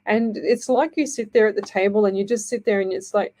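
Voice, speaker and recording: Mellow-voiced woman psychic host. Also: mid-range voice, steady tone, brisk. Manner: reassuring, rambling, tags phrases with "okay?". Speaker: psychic medium radio host. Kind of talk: live psychic reading show.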